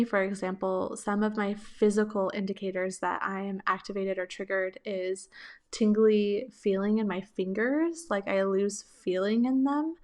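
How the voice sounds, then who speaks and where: A woman hosting a podcast, answering listener questions with reflective, gentle relationship coaching and casual filler words. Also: mid-range voice.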